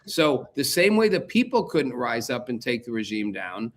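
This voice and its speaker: A man's voice: mid-range voice, sing-song, moderate pace. A man hosting a political talk show, arguing his point emphatically and repeating key phrases for force. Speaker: show host.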